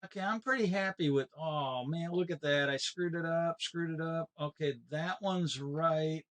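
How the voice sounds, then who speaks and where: A man live-streaming a game, talking casually and at length to his chat. He rambles through stories and old folksy sayings. His voice sits a little higher than most men's. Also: normal speed, fairly bright tone. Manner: chats with viewers by name. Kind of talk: casual chat while gaming.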